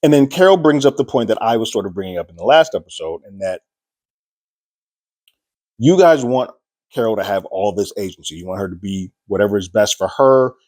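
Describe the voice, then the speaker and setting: A man giving a casual, chatty review of a TV episode, animated and laughing at what happened. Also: lowish voice, brisk, no echo, studio quality.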